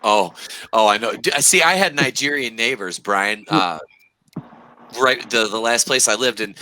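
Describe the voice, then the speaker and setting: A man's voice: on the low side, a little slow, sharp tone, a little hiss or hum, low-quality recording. A man co-hosting a casual podcast over a remote call, often repeating words as he searches for them. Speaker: podcast co-host. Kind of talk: casual chat. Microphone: remote call setup.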